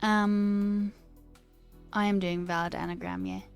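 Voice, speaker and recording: A woman's voice: mid-range voice, level tone, slow, clean tone, soft background music. An American woman hosting a casual coding livestream, thinking aloud and hesitating and joking at her own expense. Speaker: livestream host.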